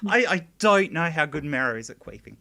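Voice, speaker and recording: A man's voice: on the high side, big pitch swings, a little fast, vocal fry, pushed and bright. A man hosting a casual online chat show, swearing freely and laughing often while he talks. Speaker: podcast host.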